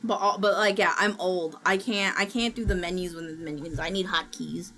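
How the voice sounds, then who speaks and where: A woman streaming, chatting casually while she works and gasping and squealing with excitement as she greets viewers. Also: on the low side, normal speed. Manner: excitable, gasps and squeals at new followers; chatty and self-mocking, talking while working. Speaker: VTuber streamer. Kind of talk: casual livestream chat. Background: faint background music.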